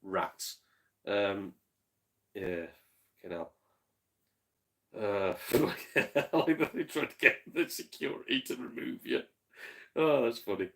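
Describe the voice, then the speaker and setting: A man's voice: fairly low pitch, slow, gravelly, pauses often, a bit bright. Tipsy, chatty streamer man. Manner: chatty, swears freely, laughs often, tipsy. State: slightly tipsy. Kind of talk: casual live-stream chat.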